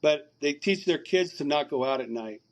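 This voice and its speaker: A man's voice: on the high side, lively intonation, normal speed. Man telling a long rambling story. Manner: rambling, repeats words, recounts dialogue. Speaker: podcast guest. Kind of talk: storytelling in a conversation.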